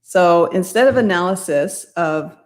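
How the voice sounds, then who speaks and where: A woman's voice: lowish voice, expressive, measured pace. A middle-aged woman telling a personal story in a casual talk. She rambles and corrects herself as she goes, and laughs now and then. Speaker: mindset coach.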